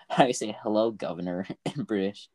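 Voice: mid-range voice, normal speed, darkish tone, no room sound, studio quality. A podcast co-host chatting casually, playful and joking, with frequent giggles. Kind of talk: casual chat.

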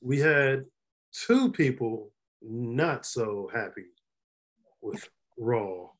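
A man's voice: medium pitch, expressive, extremely slow, fairly bright tone. A man co-hosting a casual wrestling podcast, blunt and opinionated as he talks. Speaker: podcast co-host.

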